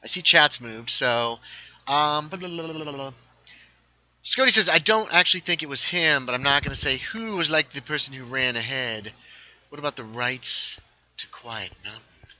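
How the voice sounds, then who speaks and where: A man with a very bright, sharp voice talks his way through a game livestream. He rambles from one thing to the next and reads viewers' comments out loud as he plays. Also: medium pitch, dry recording, dull audio. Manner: rambling, reads chat aloud, quick asides. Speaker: livestream host playing a game. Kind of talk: casual gaming livestream chat.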